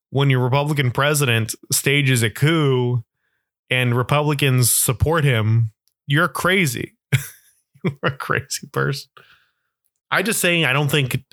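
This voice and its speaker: A man's voice: mid-range voice, fairly bright tone, dry recording, clean studio sound. A man in a casual, profane political rant, sarcastic and often laughing.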